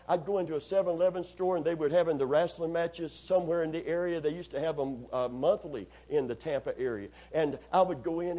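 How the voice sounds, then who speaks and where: Folksy husky-voiced preacher man. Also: a little high, a little mellow. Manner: folksy, joking, repeats words. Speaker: pastor. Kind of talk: sermon.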